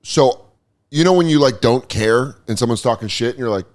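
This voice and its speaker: A man's voice: medium pitch, fairly quick. A man in his thirties hosting a podcast, chatting casually and telling stories in a profane, riffing way. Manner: profane, riffing, animated storyteller. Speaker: podcast host. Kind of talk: casual comedic chat.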